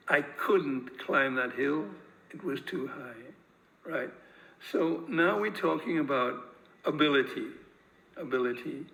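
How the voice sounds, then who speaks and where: A man's voice: mid-range voice, vocal fry, sharp tone, low-quality recording. A man teaching a grammar lesson, hesitant, with many fillers and repeated words. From northern England. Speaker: English teacher. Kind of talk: lecture-style grammar lesson.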